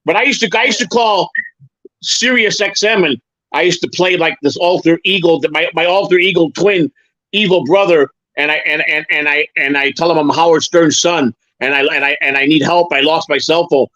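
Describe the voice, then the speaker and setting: A man's voice: on the high side, normal speed, pushed and bright, no room sound. A man chatting casually on a live stream, rambling through stories and stumbling over repeated words. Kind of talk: casual chat. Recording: dull lo-fi sound.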